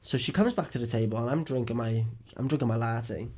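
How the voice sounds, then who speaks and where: Young male podcast host, casual rambling storyteller, mid pitch. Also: fast talker, darkish tone, husky. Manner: rambling storyteller, jokey, acts out dialogue. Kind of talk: casual chat.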